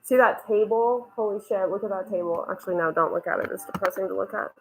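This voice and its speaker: A woman's voice: medium pitch, fast talker, rough recording. A woman rambling and swearing freely in a casual home vlog, walking around a cluttered house as she films on her phone. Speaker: vlogger.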